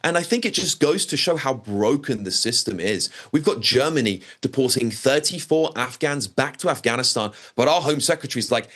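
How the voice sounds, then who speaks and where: A man's voice: mid-range voice, animated, moderate pace, few pauses, fairly bright tone. A man giving emphatic, exasperated commentary on a talk show, often repeating words. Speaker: commentator guest. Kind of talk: opinionated news commentary.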